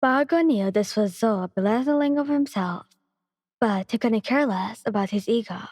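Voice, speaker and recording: A woman narrating a fan-fiction story in a soft, steady ASMR reading voice. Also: a little high, normal speed, no room sound, studio quality, in a large hall.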